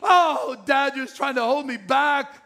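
A man's voice: very high-pitched, a little slow, creaky, bright, forceful tone, heavily acted. A man voicing a whining young boy pleading with his father. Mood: whiny. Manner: pleading, exaggerated whine. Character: whiny young boy begging his dad.

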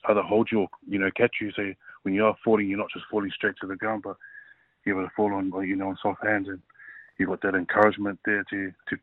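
A man in his thirties, a rugby league player, telling his personal story in a casual interview, halting and full of fillers. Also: lowish voice, level tone, dry recording. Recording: tinny phone-like line.

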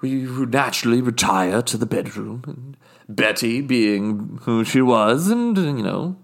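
A snooty, well-off British gentleman in a put-on British accent, as a man puts him on, looking down on everyone while he rambles through long tangents. His voice sits in a middling register, and he takes his time over every sentence. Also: mid-range voice, expressive, measured pace, gravelly. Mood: pompous. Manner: haughty, rambling, condescending. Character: pompous wealthy British male podcast guest. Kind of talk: improvised comedy character.

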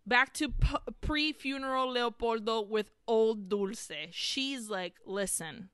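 A woman co-hosting a casual podcast, walking through a film plot with eager, laughing restarts. Her voice is bright and crisp, recorded close and dry. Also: fairly high pitch, slow, no echo. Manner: excited, retelling scenes with laughs and restarts. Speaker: podcast co-host. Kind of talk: casual film recap chat.

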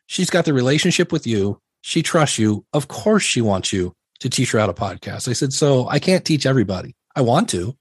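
A man's voice: medium pitch, animated, a little fast, few pauses, husky, no echo, clean studio sound. A middle-aged man talking candidly as a podcast guest, telling stories in a self-deprecating way with many restarts. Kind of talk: casual interview chat.

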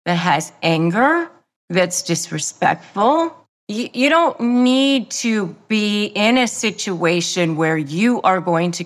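A woman coaching listeners in a motivational advice talk, with emphatic, repetitive, measured delivery. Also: medium pitch, a bit bright. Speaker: lawyer and negotiation coach.

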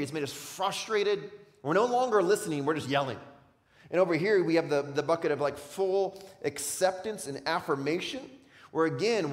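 A man preaching a sermon as pastor, animated, swinging between loud emphatic lines and quiet slow ones. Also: on the high side, long reverb tail.

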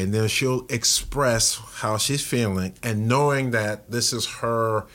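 A man co-hosting a couples podcast, talking in a measured, reflective way with frequent restarts. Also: medium pitch, fairly bright tone. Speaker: co-host. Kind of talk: casual podcast chat.

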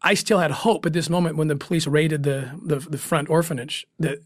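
Brief: middle-aged male guest, slightly high voice, earnest halting storyteller, dry close recording. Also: steady tone, dry recording. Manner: earnest, halting, with many restarts. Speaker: interview guest. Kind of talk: emotional personal storytelling.

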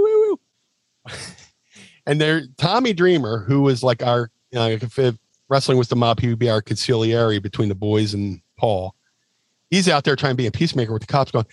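Animated man telling stories. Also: medium pitch, no room sound. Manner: animated, acts out quotes and sound effects. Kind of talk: casual storytelling.

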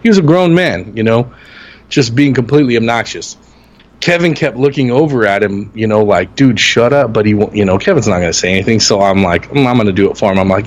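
A man co-hosting a sports podcast, telling lively anecdotes and acting out quotes in raised voices. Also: brisk. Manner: animated storyteller, acts out quotes in higher voices. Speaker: podcast co-host. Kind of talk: casual sports chat.

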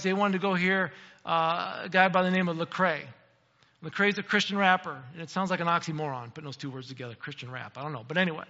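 High, bright-voiced man preaching. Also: in a large hall, lo-fi sound. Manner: conversational, self-deprecating storytelling. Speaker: pastor. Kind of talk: sermon. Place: church sanctuary.

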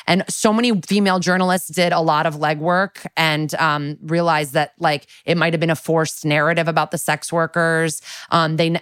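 A woman's voice: lowish voice, fairly bright tone, smooth, dry recording, clean studio sound. A woman co-hosting a true-crime podcast, chatting casually, swearing freely and using lots of filler words. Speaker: podcast co-host.

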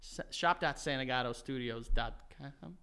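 A man's voice: mid-range voice, normal speed, pushed and bright, clear, resonant tone. A man co-hosting a podcast, chatting casually in a brash, crude, teasing way. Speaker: podcast co-host. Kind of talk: casual chat.

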